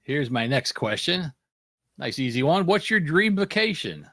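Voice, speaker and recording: An American man hosts a casual panel podcast in an unhurried, higher-than-average voice with no echo. He's an animated storyteller who acts out the lines he quotes.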